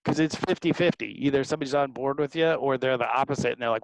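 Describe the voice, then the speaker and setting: A man's voice: medium pitch, fast, vocal fry, few pauses, dry recording, low-quality recording. Punchy man with a dry sound. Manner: animated, tag questions, acts out callers. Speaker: sales author and guest. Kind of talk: energetic interview talk.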